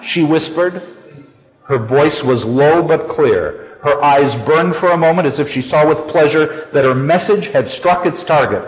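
A man teaching literature, reading a story aloud and stopping to explain it with deliberate emphasis. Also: a little high. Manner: reads passages then explains them, deliberate and emphatic. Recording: echoey hall, dull lo-fi sound.

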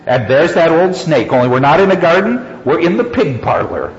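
Guy lecturing on a story, high voice, keeps chuckling and repeating himself, echoey hall, muffled lo-fi. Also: very animated, moderate pace. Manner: chuckles often, repeats phrases for emphasis. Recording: echoey hall, dull lo-fi sound.

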